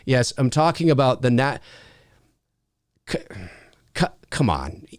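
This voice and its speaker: Male host, mid-pitched, loose chatty delivery with frequent fillers, dry studio mic. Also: big pitch swings, clear, resonant tone, dry recording. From Canada. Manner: rambling, halting, lots of fillers. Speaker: livestream host answering viewer questions. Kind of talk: casual live Q&A. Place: home studio.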